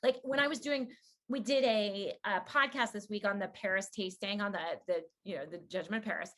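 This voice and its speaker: A woman hosting a wine conversation, chatty and quick to act out what people said. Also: medium pitch. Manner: chatty, quoting people in lively asides. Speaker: wine podcast host. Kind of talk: casual chat.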